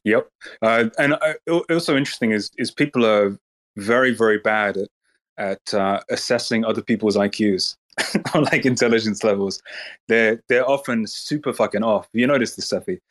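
A man's voice: lowish voice, moderate pace, a bit bright. A man in a casual online voice chat, talking bluntly and swearing freely in a mocking way. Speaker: Twitter space speaker.

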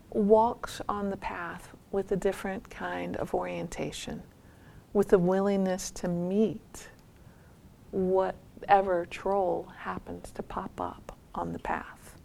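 A woman teacher retelling a folk tale in a reflective talk, often trailing off into soft near-whispers. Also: medium pitch, creaky. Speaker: meditation teacher.

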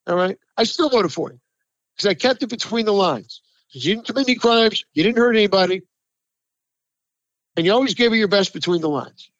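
A man co-hosting a sports talk podcast, ranting loudly and with a lot of swearing, from the New York area. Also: sits high, no room sound. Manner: ranting, profane, emphatic, heated. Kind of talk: heated sports talk chat. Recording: dry, muffled lo-fi sound.

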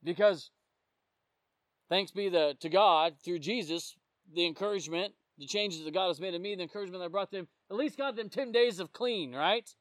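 A man's voice: high-pitched, moderate pace, a bit bright, dry recording. A man who works as a police officer, giving an informal sermon and telling stories from the job. He talks conversationally and keeps checking in with his listeners. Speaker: police officer sharing testimony.

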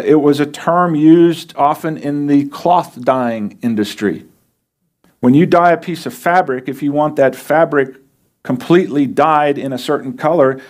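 A man's voice: on the high side, darkish tone. A pastor preaching a sermon in a plain, conversational way, asking his listeners questions as he explains scripture.

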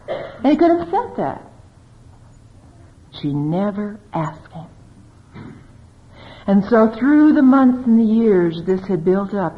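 Woman giving a talk to a crowd, voice goes up and down a lot, acts out little bits of dialogue, dull lo-fi sound. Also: mid-range voice. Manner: lively, confiding, quotes dialogue. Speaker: speaker on marriage. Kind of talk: talk to a live audience. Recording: dull lo-fi recording.

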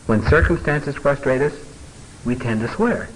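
A man's voice: medium pitch, animated, normal speed, poor audio. Man, Bible teacher, conversational and joking, mid-range voice, slight background hiss. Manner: conversational, joking asides, many fillers. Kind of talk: folksy Bible teaching talk.

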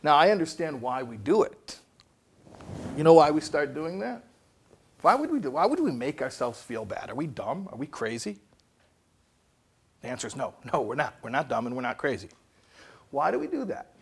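A man delivering a lively motivational talk in a gravelly, slightly husky voice. He leans on rhetorical questions and acts out little scenes as he tells stories. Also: mid-range voice, moderate pace, long pauses. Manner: storytelling with rhetorical questions and acted-out dialogue. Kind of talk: animated motivational lecture.

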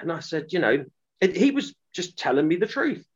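Here is a man, somewhat higher-voiced than most, who recounts an episode earnestly and at length. He often stops and restarts mid-sentence. The recording sounds dull and lo-fi. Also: big pitch swings, normal speed, slightly rough. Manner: earnest, rambling with restarts and acted quotes. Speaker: author guest. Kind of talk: interview storytelling.

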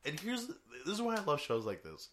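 A man chatting casually about a TV show, swearing and acting out lines in quick bursts. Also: a little high, slight background noise. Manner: animated, swears, acts out quotes in bursts. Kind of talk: casual chat reviewing a TV show.

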